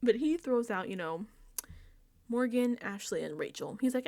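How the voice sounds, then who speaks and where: A woman's voice: a little high, lively intonation, normal speed, vocal fry, warm tone, dry recording. Woman gossiping thru a reality show recap, laughs a lot, whispers asides, dry close mic. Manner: chatty, laughs often, drops into whispered asides. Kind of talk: casual recap and reaction. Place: indoors, home setup.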